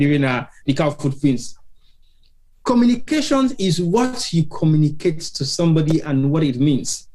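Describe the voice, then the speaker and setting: A man's voice: on the high side, darkish tone. A man with a Sierra Leonean accent hosting a live talk show, stressing his points by repeating phrases. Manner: emphatic, repeats phrases for effect.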